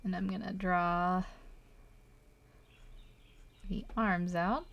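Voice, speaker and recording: A woman with a lowish voice and a gravelly, fry-touched edge chats as she draws. She thinks out loud, hesitates often and laughs lightly at her own choices. The talk is casual and unscripted, aimed at viewers watching her sketch. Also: fairly even intonation, extremely slow, dull audio. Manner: hesitant, thinking aloud, frequent little laughs. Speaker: artist streaming a drawing session. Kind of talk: casual chat while drawing.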